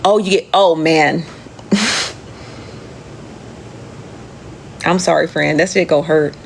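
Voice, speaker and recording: Low-voiced woman, chatty and profane. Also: extremely slow, gravelly, slight background noise. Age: adult. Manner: chatty, profane, laughs often, talks straight to viewers as "friend". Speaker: live show host reading viewer comments. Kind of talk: casual chat.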